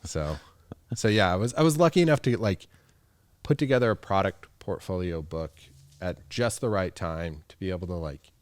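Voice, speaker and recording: A low-voiced man chats casually as a guest on a podcast, easygoing and prone to laughing as he acts out what people said. His voice sits close and dry on the mic. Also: expressive, normal speed, no room sound. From United States. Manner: chatty, laughs often, acts out quotes. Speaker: guest photographer.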